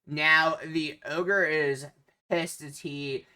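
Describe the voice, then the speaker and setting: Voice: mid-range voice, fairly even intonation, extremely slow, sharp tone, clear, resonant tone. A game master narrating a tabletop game, hesitant and full of filler sounds.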